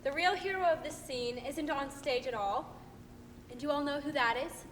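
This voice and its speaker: A woman's voice: high voice, moderate pace, a bit bright, in a large hall, a little hiss or hum. A woman playing a homespun small-town minister giving a short folksy sermon in a live stage play. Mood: reflective. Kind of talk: live amateur stage acting. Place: theater stage.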